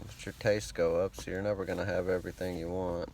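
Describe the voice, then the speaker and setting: A man's voice: low voice, flat delivery, quick pace, a little mellow, a little hiss or hum. A man with a rural American country accent and a laid-back drawl, talking in a rambling, profane, self-conscious vlog monologue. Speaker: vlogger.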